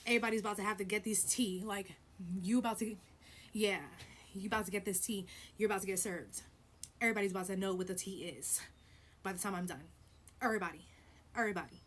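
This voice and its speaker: A woman telling a story on her vlog in a blunt, profane, animated way, with loud stresses and hushed asides. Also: mid-range voice, fast talker, pauses often, slight background noise. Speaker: vlogger.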